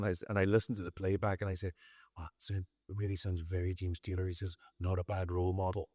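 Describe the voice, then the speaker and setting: A middle-aged Northern Irish songwriter chatting on stage with an easy, storytelling manner. His voice sits low, and the close mic gives a dry sound with no room around it. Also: no room sound. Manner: relaxed, storytelling, self-deprecating. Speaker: songwriter guest. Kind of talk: on-stage conversation.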